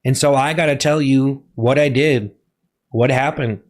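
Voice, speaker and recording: A man streaming live in a comic persona, giving a melodramatic mock confession, halting and repeating himself while he keeps telling his chat to be quiet. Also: mid-range voice, fairly even intonation.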